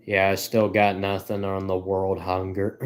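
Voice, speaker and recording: A man's voice: low-pitched, little pitch movement, a little slow. Rambling, giggly male live streamer. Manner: rambling, self-deprecating, giggly. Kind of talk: casual live-stream chat.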